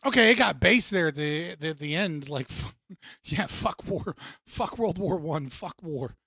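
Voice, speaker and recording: A man's voice: on the high side, lively intonation, a little slow, bright, forceful tone, no echo, studio quality. A man hosting a live-stream reaction show, ranting and joking with heavy profanity. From United States. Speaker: livestream host.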